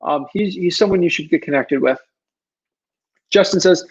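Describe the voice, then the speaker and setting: A man's voice: sits high, measured pace, lo-fi sound. A man hosting a casual livestream Q&A, rambling and pleading, with many ums and restarts. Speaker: livestream Q&A host.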